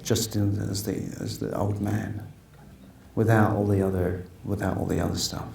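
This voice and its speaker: With a creaky, darkish voice on the low side and flat delivery at a normal speed, an actor in his fifties rambles through anecdotes in a casual interview. He keeps restarting and acts out others' words, recorded with roomy echo, a distant mic, and faint noise.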